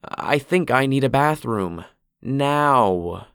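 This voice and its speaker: A man's voice: medium pitch, lively intonation, takes it slowly, gravelly, fairly bright tone, clean tone, no echo, studio quality, voice pushed up, heavily acted. A man voicing a blunt, headstrong young wife who talks in a pushy way. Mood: impatient.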